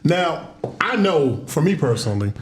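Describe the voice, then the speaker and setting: A man telling a story in a laid-back, drawn-out way, full of slang, on a casual podcast. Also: fairly high pitch, very animated.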